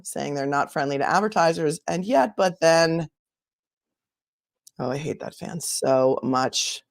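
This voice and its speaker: A woman's voice: lowish voice, no echo, studio quality. A woman hosting a live stream, chatting casually and reading out viewer comments in a conversational way. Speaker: host of a live-stream channel reading super chats. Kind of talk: casual chat.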